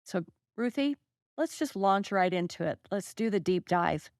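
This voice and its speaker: A woman's voice: medium pitch, expressive, a little slow, no room sound, clean studio sound. Encouraging woman podcast host. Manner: warm, encouraging, inviting the guest to begin. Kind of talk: casual interview.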